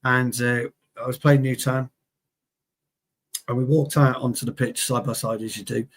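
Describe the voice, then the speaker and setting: Man in his forties, husky voice, sweary and animated, heated football chat. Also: mid-range voice, normal speed. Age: 40s. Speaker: co-host, former player.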